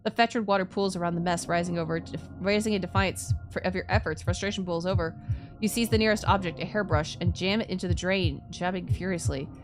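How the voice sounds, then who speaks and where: A woman streamer narrates a horror game in an expressive voice, dropping low and hushed for the grim passages. She breaks into loud, startled reactions to what happens on screen. Music plays clearly in the background. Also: quick pace.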